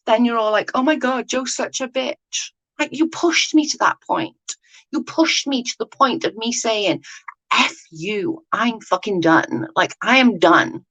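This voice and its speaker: A woman's voice: high voice, fairly bright tone, low-quality recording. A woman hosting a casual live chat with viewers, blunt and sweary, ranting with lots of "like" fillers. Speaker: livestream host chatting with viewers.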